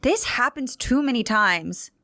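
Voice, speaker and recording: A woman's voice: on the high side, animated, measured pace, pushed and bright, no room sound, clean studio sound. A woman co-hosting a podcast, chatting in a giggly, rambling way. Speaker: podcast co-host. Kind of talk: casual chat.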